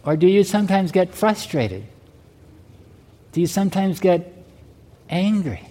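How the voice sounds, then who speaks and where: A male pastor delivers a sermon, his voice high yet mellow and dark in tone. He keeps asking the congregation whether they heard him. The sound rings out with a long reverb, as in a large church hall. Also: very animated, a little slow. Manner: preaching with rhetorical questions to the congregation. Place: church sanctuary.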